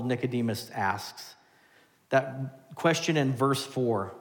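A man preaching a sermon as pastor, animated, swinging between loud and hushed. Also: a little high, moderate pace. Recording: long hall reverb.

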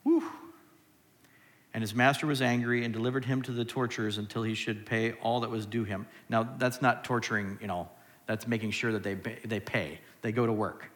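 A man's voice: mid-range voice, fairly even intonation, normal speed. A man preaches in a loose, conversational way and keeps putting rhetorical questions to his listeners. His voice sits in an ordinary middle register, and a long reverb from a church hall trails behind each phrase. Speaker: pastor. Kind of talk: sermon.

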